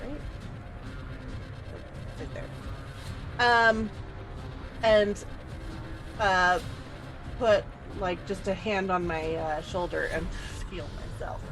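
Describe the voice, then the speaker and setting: A woman's voice: mid-range voice, steady tone, drawn-out words, long pauses, over music. A woman playing a tabletop game, chatty with many fillers and laughs. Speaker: player. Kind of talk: casual tabletop game play.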